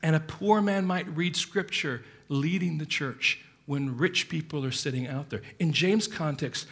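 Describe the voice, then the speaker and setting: A pastor preaching a sermon with passion, his delivery swinging from loud emphasis to quiet, earnest asides. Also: a little high, unhurried.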